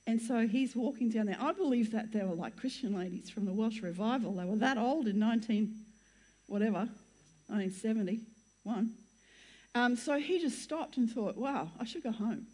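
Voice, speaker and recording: An older woman speaks with a slightly high voice as she shares a personal testimony with a gathering. She rambles and keeps interrupting herself with chatty asides and laughs. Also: normal speed, dark tone. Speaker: church speaker sharing her testimony. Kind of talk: chatty personal storytelling to an audience.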